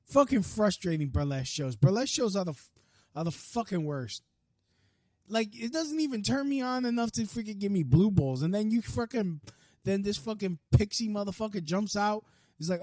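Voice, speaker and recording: Young guy ranting and swearing, lively swooping voice, really dry sound. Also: sits high, no room sound. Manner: heated, profane, fast-talking with many restarts. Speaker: podcast host. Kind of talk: profane ranting monologue.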